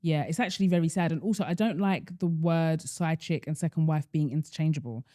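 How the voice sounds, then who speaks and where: A woman's voice: low voice, brisk. A young woman co-hosting a podcast in casual chat, easygoing, with dry asides. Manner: easygoing, backs up her co-host with steady agreement and dry asides. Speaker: podcast co-host.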